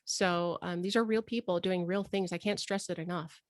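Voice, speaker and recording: A woman hosting a live video call with her students, gushing and excitable, often breaking into exclamations. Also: lowish voice, moderate pace, no echo. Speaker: host and healing coach.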